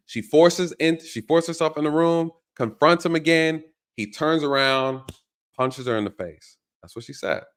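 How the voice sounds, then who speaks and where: Animated male ex-cop host. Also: on the high side, moderate pace, smooth. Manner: animated, acts out voices, addresses viewers. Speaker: host, former police officer. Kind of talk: casual reaction storytelling.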